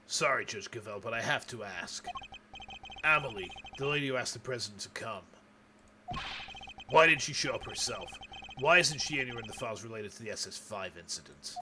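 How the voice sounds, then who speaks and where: A man reading a stern male prosecutor's lines from a video game in a grave, deliberate voice. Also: mid-range voice, expressive, noisy background, pitched below the performer's own voice, lightly acted.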